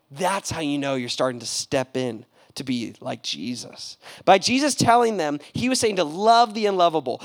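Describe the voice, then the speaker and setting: A pastor delivers a sermon with a notably high voice, bouncing between hushed asides and loud, excited bursts. His delivery is conversational and full of slang, like telling a story to friends from the pulpit. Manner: animated, casual storytelling with slang.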